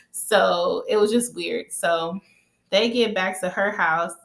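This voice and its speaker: A woman's voice: on the low side, normal speed, reverberant. A woman vlogger telling a film's story in a casual, chatty way, acting out the characters' lines with laughing asides. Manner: chatty, animated retelling with quoted asides and laughs. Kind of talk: casual movie recap.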